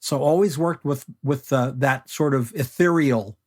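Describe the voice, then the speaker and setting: An older man, a photography guest, telling stories in a relaxed, unhurried interview chat. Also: mid-range voice. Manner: unhurried anecdotal storyteller.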